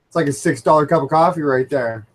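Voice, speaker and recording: A man's voice: fairly high pitch, quick pace, rough recording. A man hosting a casual livestream from home by a fish tank, telling stories animatedly with lots of fillers and restarts. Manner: animated storyteller, rambling with many fillers. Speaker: livestream host. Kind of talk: casual live chat and anecdote. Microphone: computer microphone.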